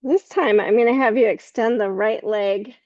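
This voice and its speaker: A woman teaching a yoga class, giving slow, calm cues with soft laughs between poses. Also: a little high, no room sound, dull audio. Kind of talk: guided yoga class instruction.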